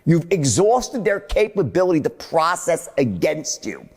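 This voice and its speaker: A man teaches a sales seminar in a swinging, fairly high voice, blunt and a little profane as he demonstrates different tones. His talk rings out with a long, hall-like reverb. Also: big pitch swings, unhurried, a little mellow, breathy edge. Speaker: sales trainer.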